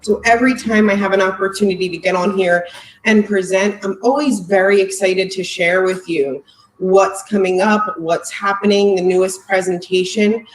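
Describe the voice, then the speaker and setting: A woman's voice: mid-range voice, steady tone, normal speed, reverberant, slight background noise, poor audio. Heartfelt woman presenting on a video call. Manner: heartfelt, emotional, near tears. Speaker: company marketing executive presenting.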